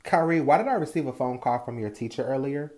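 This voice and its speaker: A man's voice: medium pitch, fast talker, a little mellow, natural voice. A man playing a strict, blunt mother who scolds her sons with profane threats in a comedy skit. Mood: stern.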